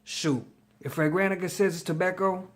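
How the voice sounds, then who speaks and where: A man's voice: high-pitched, normal speed. A man giving a casual fragrance review in a slangy, chatty way, hyping the ones he likes. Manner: slangy, chatty, hypes his picks.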